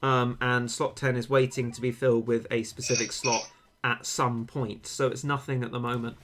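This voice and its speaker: A young man with a British accent chatting casually while streaming a game, rambling and pausing with frequent ums. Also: mid-range voice, level tone, noisy background. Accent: British English. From Britain. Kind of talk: casual gaming stream chat.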